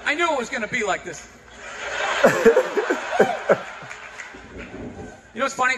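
A man performing a stand-up comedy set, ranting sarcastically and breaking into shouts. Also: extremely high pitch, huge pitch swings, very slow, long pauses, over a noisy crowd. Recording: long hall reverb, audible noise.

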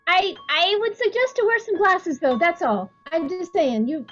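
A woman gushes and flatters through an improv scene, tripping over her own restarts. Her voice sits very high, and the muffled video-call audio dulls it. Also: normal speed, soft background music. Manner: gushing, flattering, hesitant restarts. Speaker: improv performer.

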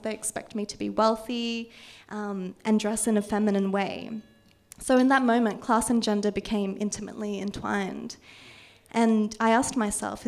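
A young woman whose first language is Vietnamese, giving a reflective personal talk at an art event, measured and dotted with ums. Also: medium pitch. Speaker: artist giving a public talk.

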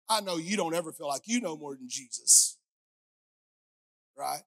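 A middle-aged woman pastor preaching a sermon on a clip-on mic, swinging from soft asides to loud shouted peaks and joking with the congregation. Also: fairly low pitch, lively intonation, slow, pauses often. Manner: playful, talks directly to the congregation. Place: church sanctuary. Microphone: headset or clip-on microphone.

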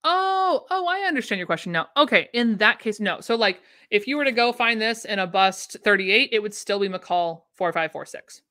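A woman hosts a casual livestream from a room at home, chatting enthusiastically about vintage sewing patterns and answering viewer comments. Her medium-pitched voice is animated, pushed, and bright, moving at a normal speed with hardly any pauses.

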